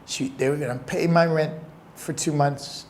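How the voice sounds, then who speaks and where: A young man telling a personal story in an interview, earnest and emotional, with halting pauses. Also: fairly high pitch, steady tone, darkish tone, slight background noise.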